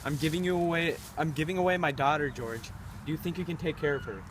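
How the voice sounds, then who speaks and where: A man's voice: on the high side, quick pace, close to an everyday voice. A man playing a kindly, middle-aged father of the bride who speaks soothingly in an amateur stage play. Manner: soothing, hushing. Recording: noisy with traffic behind.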